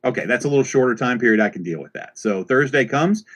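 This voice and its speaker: A man's voice: mid-range voice, lively intonation, fast, a bit bright. A man hosting a casual podcast chat, telling exasperated, profane stories. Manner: ranting, profane, exasperated storytelling. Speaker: podcast host.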